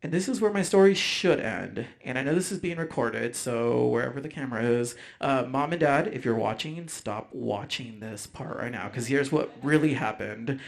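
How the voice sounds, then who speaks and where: A man telling a personal story live on stage, animated, acting out voices, with frequent ums. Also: mid-range voice, normal speed, creaky, few pauses. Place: stage before a live audience.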